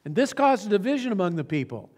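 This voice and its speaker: Male pastor, higher register, earnest storytelling sermon in a church sanctuary. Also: sing-song, darkish tone. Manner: earnest storytelling preacher, slows for emphasis.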